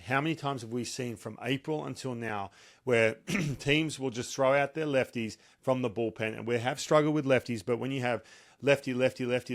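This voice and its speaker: A man hosting a casual sports talk show, lively and joking. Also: mid-range voice. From Australia. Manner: lively, joking, quick banter.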